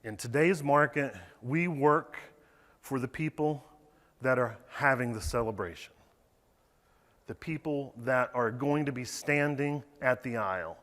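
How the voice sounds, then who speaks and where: A man presents floral design on stage in a large ballroom, talking to the crowd in a relaxed way while stressing his key points. His voice sits in the middle range and carries a long hall reverb. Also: medium pitch, a little slow. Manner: conversational, emphatic lecturing.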